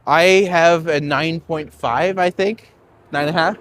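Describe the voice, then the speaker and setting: A man's voice: fairly high pitch, steady tone, a little slow, a bit bright, a little hiss or hum. A man from Canada, a tour guide, chatting and joking while walking uphill outdoors. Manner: joking and chatty, laughs often. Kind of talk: casual chat while walking.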